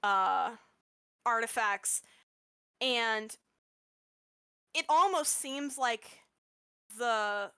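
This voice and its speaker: A woman's voice: on the high side, animated, drawn-out words, long pauses, bright, forceful tone, clean tone, no echo, clean studio sound. A woman running a tabletop game as game master, narrating unhurriedly with plenty of fillers.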